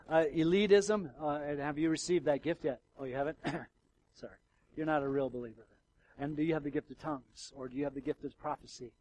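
A man preaching a sermon as the pastor of a church, swinging from hushed, intimate passages to loud, fervent ones, with ironic asides. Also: fairly high pitch, low-quality recording. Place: church sanctuary.

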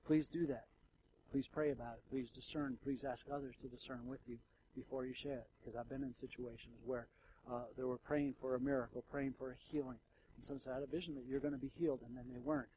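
A man preaching a sermon as the pastor of a church, swinging from hushed, intimate passages to loud, fervent ones, with ironic asides. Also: medium pitch, little pitch movement, a little fast, slight background noise, poor audio. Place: church sanctuary.

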